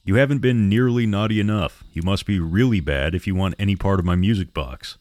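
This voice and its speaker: Male narrator doing a creepy old crone in black for a spoken horror tale; papery, stern, deep and dry. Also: a little fast, darkish tone, no echo, lightly acted. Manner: stern, coaxing.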